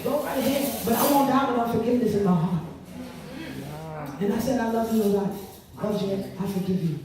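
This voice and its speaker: A woman telling her testimony to an audience, expressive and repeating her words as she acts out what people said. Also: a little high, fairly quick, crowd noise. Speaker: speaker giving testimony. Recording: echoey room from far off with noise.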